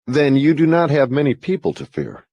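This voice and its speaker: A man's voice: fairly high pitch, big pitch swings, moderate pace, a little mellow, no echo, highs cut off. A man playing a formal, demanding interrogator who questions with insistence in an audiobook dramatization. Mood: probing.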